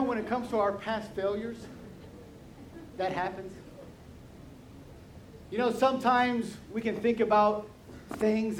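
A man preaching a sermon in an emphatic storytelling manner, often repeating words as he restarts a thought. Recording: roomy hall with faint rumble.

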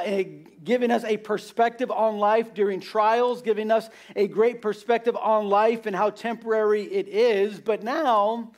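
Man preaching, high voice, earnest, repeats key points. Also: a little mellow. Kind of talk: sermon.

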